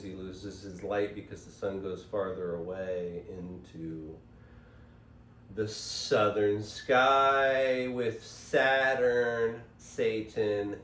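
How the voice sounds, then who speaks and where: A man hosting a casual spiritual monologue, rambling and digressive, recorded on a phone. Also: on the low side. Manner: rambling, digressive, self-interrupting. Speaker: host. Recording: echoey room, voice from far off, faint hiss.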